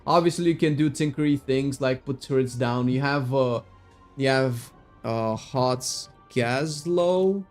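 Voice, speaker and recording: Excitable rambling gaming streamer man. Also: medium pitch, a little slow, soft background music. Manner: rambling, excitable, swears casually, bursts of shouting. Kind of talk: casual gaming chat.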